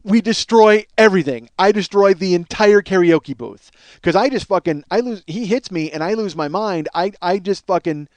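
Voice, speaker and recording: A man's voice: sits high, moderate pace, no room sound. A middle-aged man hosting a podcast, telling a long story in a loose, profane way and acting out the voices of the people in it. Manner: animated, profane, acts out quotes. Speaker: podcast host. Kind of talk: storytelling monologue.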